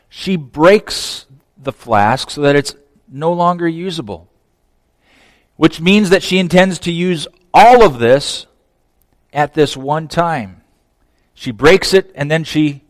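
A man's voice: mid-range voice, dry recording, in a large hall. Conversational man preaching, dry sound. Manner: conversational, swinging from emphatic to hushed. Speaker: pastor. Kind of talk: sermon.

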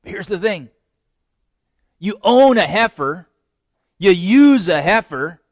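A man preaching a sermon, retelling a scripture story with lively acted-out lines and direct asides to his listeners. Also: sits high, takes it slowly, pauses often, dry recording, studio quality. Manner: animated storytelling, acts out voices; direct address to young men. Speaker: pastor.

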